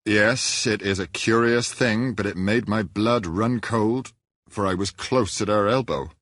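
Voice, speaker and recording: A man's voice: lowish voice, a bit bright, no echo, studio quality. A man doing a grave villager. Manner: grave, emphatic, deliberate. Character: solemn, earnest rustic storyteller man. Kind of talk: audiobook character reading.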